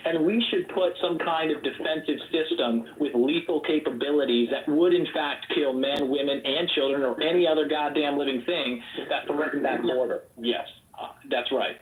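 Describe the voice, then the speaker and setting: A man running for office, arguing loudly and combatively in a heated voice-chat debate. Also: on the high side, roomy sound, rough recording. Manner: loud, ranting, combative. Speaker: political candidate.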